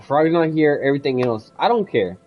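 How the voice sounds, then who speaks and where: A man's voice: fairly high pitch, animated, brisk, muffled recording, faint music behind. A young man streaming a game, talking casually in a rambling, effusive way and swearing freely. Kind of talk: casual game livestream with read-aloud.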